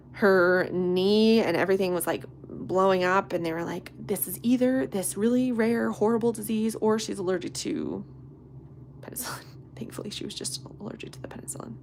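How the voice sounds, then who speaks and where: A woman in her thirties chatting on a live stream while she sculpts, bubbly and chatty, greeting viewers by name and dropping into soft asides. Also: mid-range voice, creaky, slight background noise.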